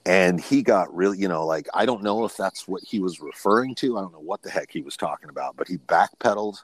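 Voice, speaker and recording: A man's voice: sits low, lively intonation, fast, few pauses. A man in his fifties, a podcast guest, telling personal stories in a frank, rambling way and often restarting his sentences. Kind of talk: personal storytelling in casual conversation.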